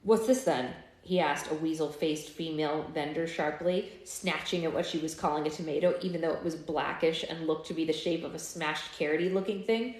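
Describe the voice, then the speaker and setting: A woman's voice: low voice, fairly even intonation, a little fast, few pauses. A woman hosting a live book club, chatting casually and reading a novel aloud with offhand asides. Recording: echoey room.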